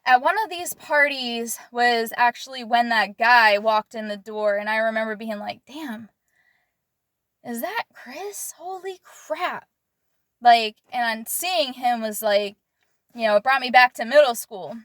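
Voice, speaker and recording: A young woman speaks frankly to camera about her own past, with a loose, conversational delivery and the odd swear word. Her voice sits fairly high for a woman. The sound is dry and close, with almost no room around it. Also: steady tone, moderate pace, fairly bright tone, clean tone, dry recording. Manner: candid, conversational, with frequent fillers and blunt swearing. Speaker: vlogger. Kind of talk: personal storytelling to camera.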